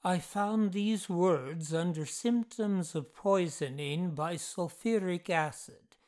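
A woman narrating a first-person true ghost account in a measured, deliberate reading style. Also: fairly low pitch, darkish tone.

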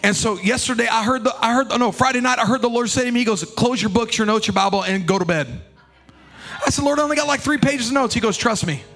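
High bright-voiced preaching pastor. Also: male voice, fast talker, faint music behind. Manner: preaching with rising shouts and sung cadences. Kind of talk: sermon. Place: church sanctuary.

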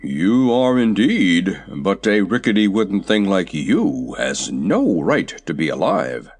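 A man voicing a boastful old male cab horse in a storybook, slow, loud and pompous. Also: low voice, very animated, husky, pitched below the performer's own voice, heavily acted. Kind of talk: storybook character voice.

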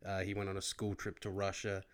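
Lively man in casual chat. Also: deep voice, a little fast. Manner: animated, slips into mimicking voices when retelling stories. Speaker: podcast co-host.

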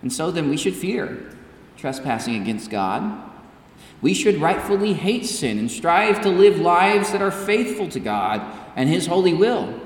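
A male pastor delivering a sermon with slow, deliberate emphasis and pauses. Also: on the high side. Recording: echoey church hall from far off.

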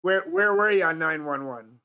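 A man's voice: on the high side, moderate pace, clear, resonant tone, lo-fi sound. A man hosting a casual talk show, rambling with many restarts and fillers. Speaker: show host.

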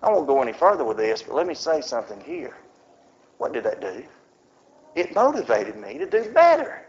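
A man's voice: mid-range voice, huge pitch swings, fairly quick. A man preaching a sermon, telling a folksy story and acting out its little scenes. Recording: muffled lo-fi recording.

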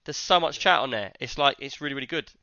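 Guy hosting a podcast, talks fast and bright, bit muffled dry sound. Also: medium pitch, creaky, dry recording. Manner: rambling, jokey storytelling. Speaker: podcast host. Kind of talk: casual chat.

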